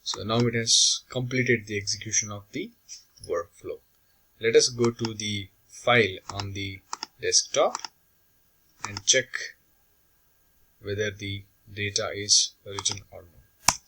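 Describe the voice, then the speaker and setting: A man giving a slow, step-by-step software tutorial, walking through each action on screen. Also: lowish voice, fairly even intonation, slight background noise, poor audio.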